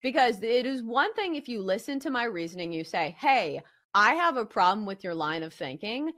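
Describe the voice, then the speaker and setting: A woman's voice: on the high side, big pitch swings, normal speed, a bit bright. A woman hosting a sports betting show, arguing her point with emphasis. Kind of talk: opinion commentary.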